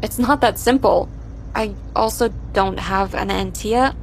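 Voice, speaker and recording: A woman voicing a frightened teenage girlfriend on the run who speaks in a shaky, nervous way, with soft music behind. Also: mid-range voice, unhurried, slight background noise, natural voice.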